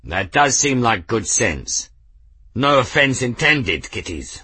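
A man voicing a burly, blunt male sailor who talks loudly and roughly. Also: mid-range voice, very animated, slow, full character voice.

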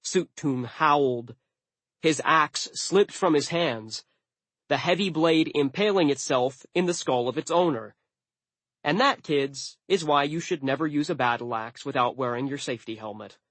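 A man narrating an audiobook in a studio, with wry, deadpan asides. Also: fairly high pitch, measured pace, no echo.

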